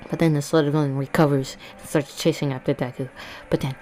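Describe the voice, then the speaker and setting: A woman's voice: sits low, fairly even intonation, a little fast, mellow. A woman casually retelling a fan story in a rambling, jokey way, often correcting herself mid-sentence.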